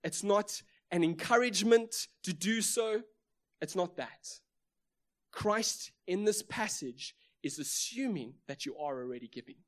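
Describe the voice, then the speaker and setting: A South African pastor with a South African English accent preaches an emphatic sermon full of repeated phrases and rhetorical questions. His voice is high, with lively intonation, a measured pace and a slightly bright quality.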